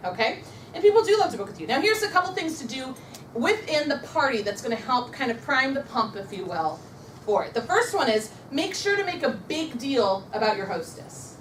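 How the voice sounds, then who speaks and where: A brisk, upbeat woman running a motivational sales training and getting the room to repeat affirmations after her. Her voice sits a little high. She is recorded from a distance in a roomy, echoey space. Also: big pitch swings, fairly bright tone, a little hiss or hum. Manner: upbeat, coaching, leads the audience in repeating affirmations. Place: meeting room with a live audience.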